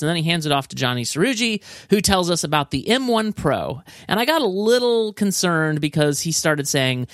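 Excitable man gushing over tech. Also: fairly high pitch, no echo, studio quality. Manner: excitable, enthusiastic, frequent restarts. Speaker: podcast co-host. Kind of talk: casual tech chat.

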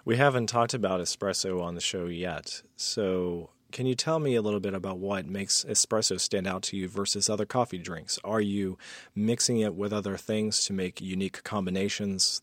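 A man's voice: deep voice, moderate pace, no room sound. A man hosting a casual interview show, asking long, thoughtful questions. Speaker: podcast host.

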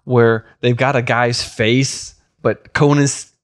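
A man's voice: mid-range voice, steady tone, slow pace. A man telling stories in casual chat, often breaking into laughter.

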